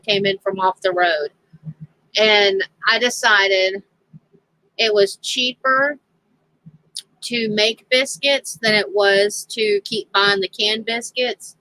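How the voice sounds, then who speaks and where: A woman's voice: medium pitch, sharp tone, low-quality recording. A woman telling a casual story on her crafting channel, chatty and laughing often as she quotes others.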